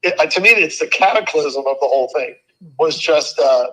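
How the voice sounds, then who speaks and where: Retired cop guy in his 50s on a video call, kinda high voice, earnest, keeps stopping and restarting. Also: animated, fairly bright tone, poor audio. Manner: halting, earnest, restarts sentences often. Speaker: retired police officer guest. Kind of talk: casual talk show conversation.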